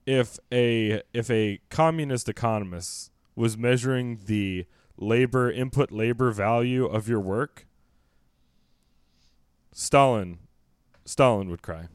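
A man's voice: medium pitch, unhurried, few pauses, smooth, dry recording, studio quality. A man co-hosting a podcast, riffing in a wry, mock-serious way through casual comedic chat. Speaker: podcast co-host.

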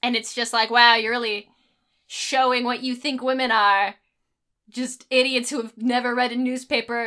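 Woman, casual film chat, sarcastic, filler-heavy, slightly high bright voice. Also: level tone, normal speed, clean tone. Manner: critical, sarcastic, many fillers. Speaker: podcast co-host.

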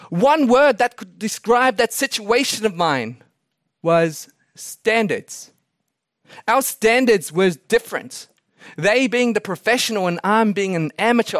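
High-voiced pastor telling lively stories. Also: male voice, no room sound, studio quality. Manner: animated storytelling, chuckling asides. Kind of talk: sermon. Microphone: podcast recording.

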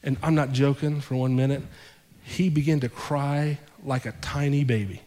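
A man's voice: mid-range voice, normal speed, big-room sound. A male pastor telling a story in a sermon, acting out the dialogue as he goes. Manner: animated retelling with quoted dialogue. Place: church sanctuary.

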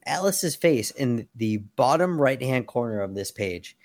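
A man's voice: mid-range voice, animated, a little slow, a little mellow, no echo, clean studio sound. A man hosting a podcast, rambling casually about comics with lots of fillers. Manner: rambling, filler-heavy, laughs easily. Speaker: podcast host. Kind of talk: casual comic book discussion.

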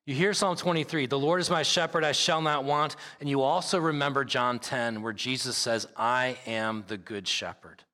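Here a male pastor preaches at a moderate pace with few pauses, his mid-range voice sharp in tone. He reads scripture aloud at length and leans on repeated phrases to stress his points, with a long hall reverb trailing every line.

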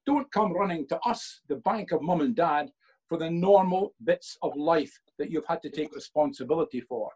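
A man's voice: fairly high pitch, lively intonation, normal speed, a little mellow, breathy edge, rough recording. An older man, a father being interviewed by his son for a church video, telling earnest stories and quoting himself with emphasis.

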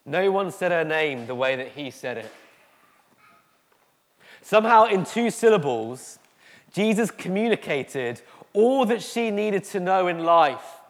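A man preaching a sermon to a congregation, slow and emotive, with dramatic pauses. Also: high-pitched, very animated. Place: church hall. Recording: echoey hall.

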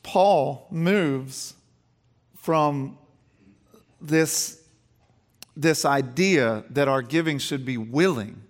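Male pastor, high voice, sermon in a reverberant sanctuary. Emphatic, questions the congregation, restarts phrases. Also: extremely slow, long pauses. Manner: emphatic preaching that rises in pitch and volume as he builds. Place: church sanctuary with long reverb.

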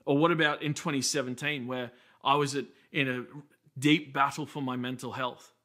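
In his sermon, a thirtysomething Australian pastor shares stories casually, peppered with brief asides. The voice is mid-range and steady, with a bright, forceful edge.

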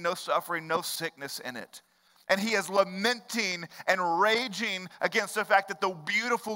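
Impassioned preacher with a bright voice. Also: male voice, sits high, animated, normal speed. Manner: swings from hushed storytelling to impassioned, rising preaching; repetitive rhetorical cadence. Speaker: pastor. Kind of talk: sermon. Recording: long hall reverb.

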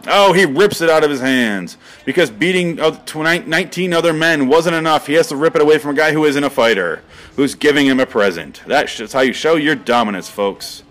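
A man doing rambling, deadpan mock sports commentary over video, breaking into sudden excited outbursts. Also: fairly high pitch, brisk. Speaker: comedy commentator.

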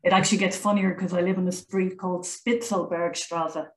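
A woman's voice: lowish voice, steady tone, a little fast, reverberant, rough recording. A woman, a college founder chatting as an interview guest, talkative with many fillers and restarts. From Ireland. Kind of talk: conversational interview.

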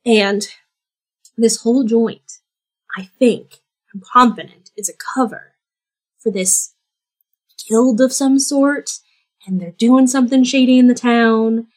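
Woman narrating as game master, high voice. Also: slow pace, pauses often. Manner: animated, shifts into characters' voices.

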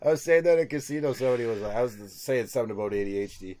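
A man's voice: mid-range voice, lively intonation, racing, a little mellow. A man co-hosting a podcast, rambling and joking with a lot of swearing. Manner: rambling, profane, jokey. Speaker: podcast co-host. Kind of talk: casual comedic banter.

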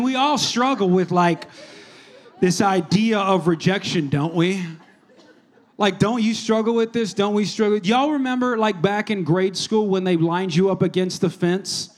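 A male pastor giving a casual, conversational sermon in a church, moving between hushed prayer and animated storytelling. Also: sits high, normal speed.

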